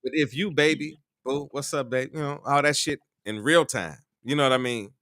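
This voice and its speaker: A man co-hosting a casual talk show, animated and profane, repeating himself as he makes his point. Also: medium pitch, normal speed, dry recording, studio quality. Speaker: co-host. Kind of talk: casual podcast chat.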